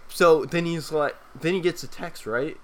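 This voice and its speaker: A young man in casual chat with friends, excitable, jumping in to retell part of the story. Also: on the high side, normal speed.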